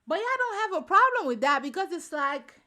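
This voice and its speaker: Emphatic high-voiced woman vlogger. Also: sing-song, fairly quick, sharp tone. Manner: emphatic, repeats points for stress; slangy, informal address to viewers. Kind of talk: casual opinion commentary to camera.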